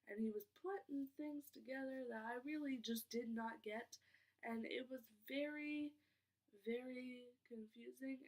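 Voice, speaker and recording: Young woman vlogging a storytime, kinda high voice, says like a lot and trips over her words. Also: a little mellow. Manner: rambling, fillers of "like", stumbles over words. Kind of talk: casual storytime vlog.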